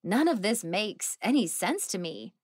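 Woman doing a stunned twenty-something girl, keeps asking questions, bright and jumpy. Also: mid-range voice, big pitch swings, unhurried, husky, no echo, studio quality. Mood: dazed. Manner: incredulous, questioning. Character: dazed, disbelieving young woman of twenty-five.

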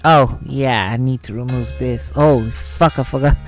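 The host of a gaming channel gives live commentary on his play in a medium-pitched, fairly even voice, with faint music behind him. He muses aloud, reads in-game text at a slow pace, and erupts into frantic cursing at times.

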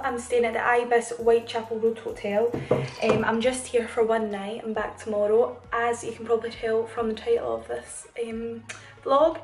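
A young woman chatting excitedly to camera in a hotel room as a fashion vlogger, rushed and chatty. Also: on the high side. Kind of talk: casual vlog chat.

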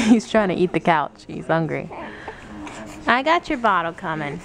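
A woman's voice: on the low side, very animated, measured pace, vocal fry. A young woman vlogging casually, chatting and playing with her toddler in a sing-song way. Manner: chatty, playful baby talk with her toddler. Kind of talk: casual family vlog.

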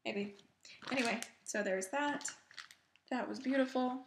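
A woman hosting a cross-stitch video, chatting casually while she shows off her crafts, chatty and self-deprecating, with soft laughs. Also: on the high side, unhurried, noisy background. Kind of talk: casual show-and-tell chat.

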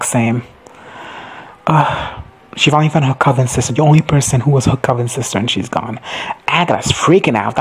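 Gushing, excitable man with a husky voice. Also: mid-range voice. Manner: gushing, excitable, profane, laughs often. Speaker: recap vlogger. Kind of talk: casual reaction recap.

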